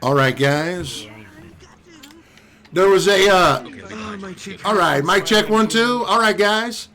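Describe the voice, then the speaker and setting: A man hosting a comedy talent show, loudly hyping the crowd between acts. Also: sits high, slow. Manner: loud, hyped crowd pumping. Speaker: show host.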